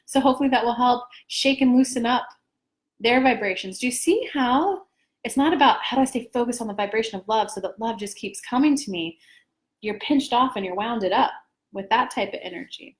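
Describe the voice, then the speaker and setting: Woman voicing collective spirit guides, channeled teaching, third-person explanations, slightly high voice. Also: a little fast, natural voice. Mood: explaining.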